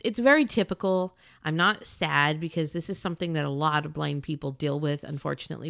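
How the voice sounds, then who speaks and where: Woman ranting about her day, animated, acts out the quotes, dead dry close mic. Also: sits low, dry recording. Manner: animated, indignant retelling with voiced quotes. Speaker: podcaster telling a personal story. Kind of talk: casual spoken storytelling.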